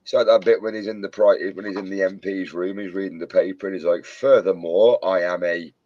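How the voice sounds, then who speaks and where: A British man with a low, mellow and husky voice, chatting with friends and telling jokey stories. He keeps slipping into quotes from comedy films. The sound is dry and dull, like a lo-fi recording. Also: little pitch movement, fast, no room sound. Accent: British English. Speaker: co-host chatting while model making. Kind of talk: casual chat.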